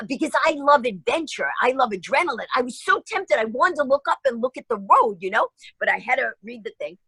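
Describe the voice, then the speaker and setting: A woman guest on a talk program, telling stories in an animated way and acting out the voices of the people in them. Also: high voice, brisk, slightly rough, no echo, poor audio. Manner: lively, acts out voices in her anecdotes. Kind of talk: animated storytelling in an interview.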